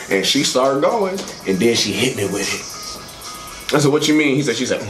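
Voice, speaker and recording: A man doing stand-up, telling a crude story in a loose, animated way and voicing his friends' lines. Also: medium pitch, a little fast, reverberant, soft background music. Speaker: stand-up comedian.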